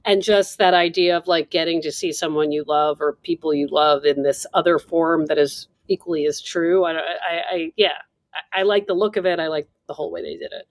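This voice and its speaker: A woman's voice: sits low, fairly even intonation, brisk, dry recording. A woman co-hosting a podcast in casual chat, eager and stumbling over restarts. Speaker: podcast co-host.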